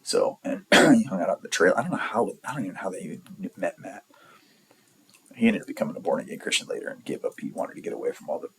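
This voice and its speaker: A storytelling vlogger in his forties from the San Diego area, California, spins a rambling, profane tale in a blunt, casual way. He speaks quickly in a lowish voice with big pitch swings, and the low-quality recording carries a little hiss or hum.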